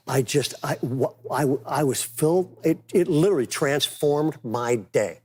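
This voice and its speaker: A man's voice: mid-range voice, a little slow, few pauses, a little mellow, husky. A man preaching a conversational sermon as pastor, telling stories with casual, emphatic asides.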